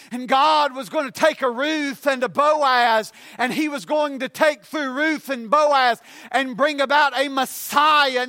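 A man preaching a sermon, building his points with repetition and rising to shouts on key lines. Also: extremely high pitch, no room sound.

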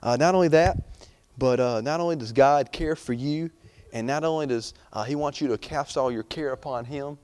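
A man's voice: mid-range voice, moderate pace, darkish tone, no echo. A young man preaching an informal sermon in a chatty, rambling way, full of fillers and restarts.

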